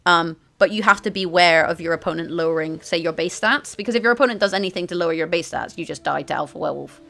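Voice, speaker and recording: Gravelly low-voiced woman narrating gameplay. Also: fast, bright, forceful tone. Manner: chatty, explains strategy to viewers as she plays; often corrects herself mid-sentence. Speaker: gaming video host. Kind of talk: card game play-through commentary.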